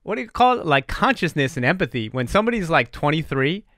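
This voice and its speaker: A man in his forties hosts a casual podcast, talking in a profane, animated rant and often breaking into laughs. His voice sounds bright and forceful. The sound is dry, with no room echo. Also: fairly high pitch, quick pace. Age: 40s. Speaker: podcast host.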